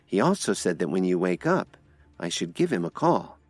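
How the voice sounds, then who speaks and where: A man voicing a shy, worried young woman in a soft, raised voice. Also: very animated, moderate pace, no echo. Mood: explaining. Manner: soft, pleading, high-pitched.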